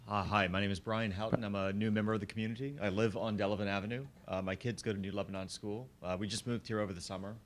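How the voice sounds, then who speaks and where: Man, low voice, polite, measured, public comment. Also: steady tone. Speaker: resident speaking at public comment. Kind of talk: public comment at town meeting.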